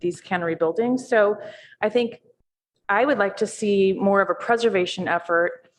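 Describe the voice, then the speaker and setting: A woman on a city board giving her comments in a public meeting, thoughtful and hesitant with frequent pauses and restarts. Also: medium pitch. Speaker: board member.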